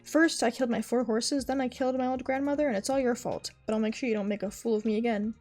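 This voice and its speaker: A woman voicing a spiteful, greedy peasant man in a bedtime story reading, gruff and threatening. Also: fairly high pitch, fairly even intonation, fast talker, a little mellow, soft background music, close to an everyday voice. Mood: menacing.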